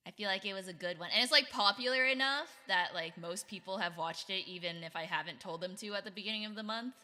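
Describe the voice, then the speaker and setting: A woman's voice: medium pitch, quick pace, sharp tone, long reverb tail. A woman streamer chatting casually with her viewers, giggling often and reacting to chat.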